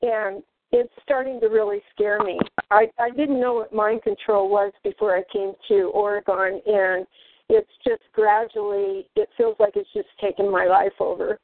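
A woman's voice: medium pitch, steady tone, moderate pace, a little hiss or hum. A woman calling in to a talk show, speaking in a hesitant, apologetic, worried way. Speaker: caller. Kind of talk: phone call into a talk show. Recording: dry tinny phone line.

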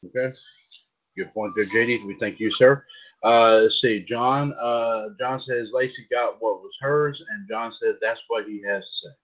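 A husky man hosts a wrestling podcast and hands the floor to his co-hosts. His pitch is average. The sound is dull and lo-fi. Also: measured pace, a bit bright. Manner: leads the panel, asks co-hosts for takes. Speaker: podcast host.

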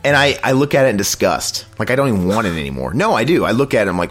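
A man's voice: lowish voice, big pitch swings, rapid-fire, a bit bright, soft background music. A man hosting a podcast, telling a long, profane complaint story in casual chat and mocking the people he quotes. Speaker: podcast host.

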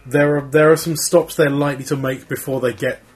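Man, podcast co-host, rambling, wry, mid-pitched. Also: fairly even intonation, a little fast. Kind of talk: casual chat.

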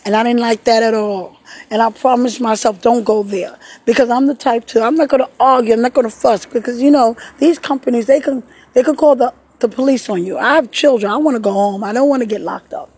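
A woman speaks into a phone camera while sitting in a park, sad and shaken, her delivery halting with repeated words. Her voice sits a little high, with a husky, mellow tone. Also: low-quality recording. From New York. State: tearful. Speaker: vlogger. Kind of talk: emotional personal vlog. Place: outdoors in a park.

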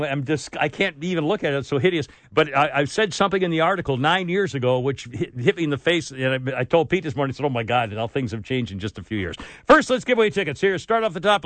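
Lively rambling man radio host. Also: fairly high pitch, dry recording. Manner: rambling storyteller, quick laughs. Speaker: radio talk show host. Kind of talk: casual radio talk. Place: radio studio. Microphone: studio microphone.

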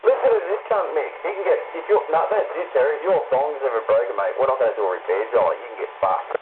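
A brash Australian man fires off crude lines quickly over a CB radio channel. His voice comes through a narrow, tinny band, with a clear hiss running underneath. He swears constantly and keeps calling everyone mate. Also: mid-range voice. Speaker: CB radio caller. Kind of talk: casual banter over CB radio.

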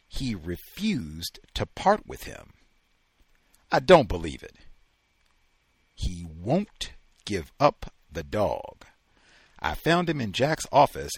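Husky male host reading a novel aloud, slow and very expressive, recorded dry. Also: mid-range voice, dry recording. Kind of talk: book reading in a study session.

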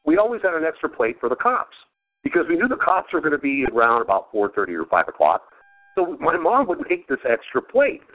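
A man tells rambling, profane family stories, laughing through them. His voice sits fairly high and swoops up and down a great deal. The sound is thin and narrow, as if heard over a telephone line. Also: huge pitch swings, brisk, dry recording. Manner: profane, laughs often while telling stories. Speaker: podcast host. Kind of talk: casual storytelling chat.

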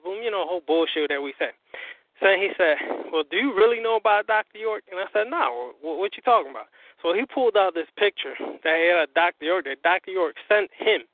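A man, a guest on a call-in interview, telling his story in an animated, profane way and acting out what others said. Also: sits high. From US Northeast. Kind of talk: casual phone interview. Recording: tinny phone line.

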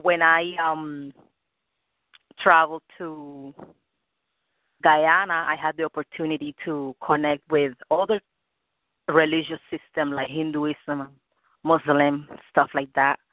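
A Cuban-accented woman speaking as a guest on a community call. She pauses with fillers and laughs often. Her voice reaches us through a dry, tinny phone line. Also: deep voice, fairly even intonation, no room sound. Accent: Cuban Spanish. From Cuba. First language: Spanish. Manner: warm-hearted, laughs often, halting with fillers. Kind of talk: casual call talk.

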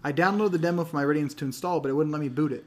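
A man's voice: a little high, racing, a little hiss or hum. A man co-hosting a casual gaming podcast, rambling with many restarts and frequent laughs. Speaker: podcast co-host.

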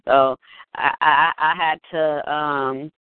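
A woman's voice: low-pitched, steady tone, takes it slowly, smooth, dry recording. A woman co-hosting a casual talk show, teasing her co-host and giggling often. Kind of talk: casual chat. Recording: dry, phone-like audio.

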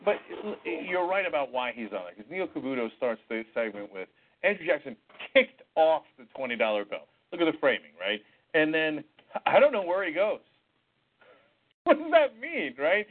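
A man's voice: fairly high pitch, sing-song, moderate pace. A man co-hosting a casual political talk show, making wry points and laughing as he talks. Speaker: podcast co-host. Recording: tinny phone-like sound.

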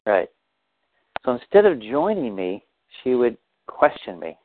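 A man calmly guiding a tapping therapy session, feeding short lines for the client to repeat. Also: mid-range voice, unhurried, no room sound. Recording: thin phone-like audio, dry.

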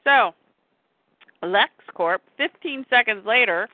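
A woman co-hosting a casual chat, reading comic book dialogue aloud in an animated way and acting out the lines. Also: a little high, slow pace, no echo. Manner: animated, acts out lines in voices. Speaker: podcast co-host. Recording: tinny phone-like, dry sound.

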